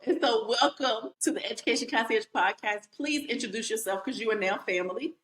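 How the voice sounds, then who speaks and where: A woman's voice: fairly high pitch, a little fast, fairly bright tone, a little hiss or hum. A woman from rural Virginia hosting a podcast, folksy and playful, often turning to talk straight to her listeners. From Lawrenceville, Virginia, US. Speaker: podcast host. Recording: echoey room.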